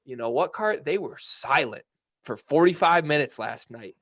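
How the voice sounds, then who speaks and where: A man's voice: a little high, lively intonation, moderate pace, sharp tone. A young man co-hosting a casual sports podcast, talking in a fired-up, profane ranting manner. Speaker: podcast co-host.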